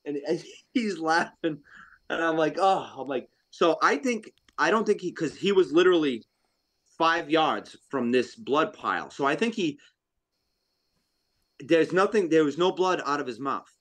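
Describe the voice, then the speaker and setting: A man from Rhode Island telling a hunting story on a podcast in a casual, animated way, acting out what people said. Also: on the high side, a little slow. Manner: animated, acts out quotes, laughs often. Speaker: podcast guest, deer hunter.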